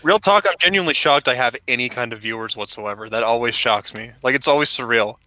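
A man's voice: medium pitch, fast talker, bright, forceful tone, dry recording, poor audio. A man who is a podcast guest, talking in a rambling, self-deprecating way with lots of fillers. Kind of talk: casual podcast chat.

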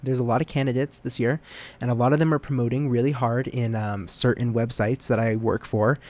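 A man's voice: medium pitch, fairly even intonation, fairly quick, darkish tone. Young male podcast host, loose casual delivery, self-deprecating, trips over his words. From United States. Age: young adult. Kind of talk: casual solo podcast chat.

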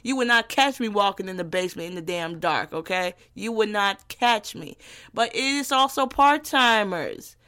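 A young woman from Gary, Indiana, hosting her own podcast in a brash, profane, teasing comedic monologue. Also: medium pitch. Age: young adult. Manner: brash, profane and animated, quick to tease. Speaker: podcast host.

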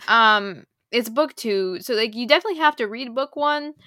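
A young woman co-hosting a podcast, retelling romance plots in an animated, breathless rush. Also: fairly high pitch, moderate pace, no echo, clean studio sound. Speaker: podcast co-host. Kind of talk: casual chat about romance novels.

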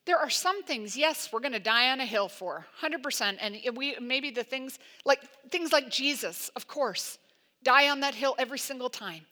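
A woman pastor preaching a sermon in an emphatic, conversational way, full of "like" and quick asides. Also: high-pitched, expressive, sharp tone.

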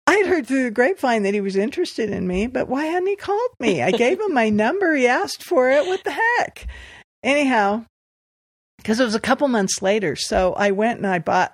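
A Southern California woman appears as a podcast guest, telling personal stories in conversation and laughing often in a lively way. Her voice is on the high side at a normal speed, recorded in studio quality with no room sound.

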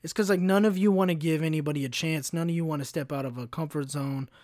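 Young man ranting profanely, slightly high voice. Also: fast, a little mellow, no room sound, studio quality. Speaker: podcast host. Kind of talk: solo podcast rant.

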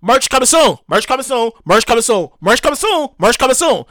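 A high-voiced woman hosts her solo comedy podcast, swooping all over her pitch as she rants. She swears freely and repeats lines for laughs. Her voice is crisp and dry, recorded close with no room sound. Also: fairly quick, no room sound. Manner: animated, profane, repeats phrases for comic effect. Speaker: podcast host.

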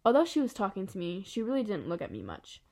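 An eager, talkative schoolgirl, as a woman reading aloud puts her on, gushing and emphatic, keen to be helpful. Her lines lean slightly brighter and louder than the narration around them. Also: medium pitch, wildly swooping pitch, fast. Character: chatty, bubbly schoolgirl, eager to please. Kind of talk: audiobook character reading.

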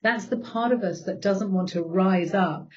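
A woman's voice: medium pitch, moderate pace. Woman, podcast host, encouraging, emphatic, spiritual talk, dull lo-fi audio.

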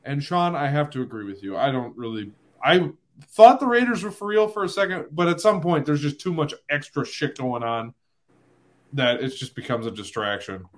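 A man hosting a casual sports podcast, animated and quick to laugh at himself. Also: on the high side. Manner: animated, laughing, self-deprecating. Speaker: podcast host.

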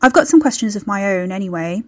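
A woman's voice: medium pitch, lively intonation, fast talker, dry recording, clean studio sound, natural voice. A woman voicing an anxious, guarded young woman who has a wry edge.

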